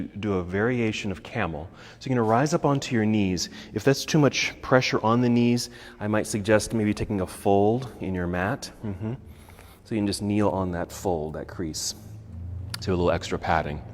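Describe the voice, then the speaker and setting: An American man leading a yoga class, giving calm step-by-step cues for poses and breath. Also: fairly low pitch, long reverb tail. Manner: calm instructive cueing, breath counts. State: slightly out of breath. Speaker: yoga instructor. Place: yoga studio.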